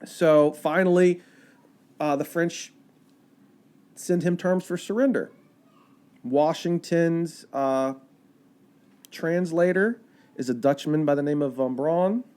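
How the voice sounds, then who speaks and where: A man narrates history as a podcast guest, lively and conversational, with plenty of fillers. His voice sits a bit high yet sounds mellow and relaxed. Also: slow, long pauses, clear, resonant tone. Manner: animated, chatty storyteller with fillers and quoted asides. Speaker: park ranger guest. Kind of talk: casual storytelling of history.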